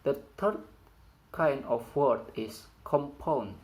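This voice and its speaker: A young man whose first language is Indonesian, reading a classroom presentation carefully and slowly, stumbling now and then over his phrasing. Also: medium pitch, a little mellow, rough recording. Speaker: student presenter.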